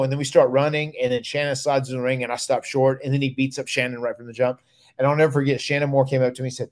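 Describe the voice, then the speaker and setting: A man, casually telling stories on his podcast and getting loud when he acts out other people. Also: medium pitch, fast. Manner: animated storyteller, loud when acting out others. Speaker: podcast host, retired wrestler. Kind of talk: casual storytelling.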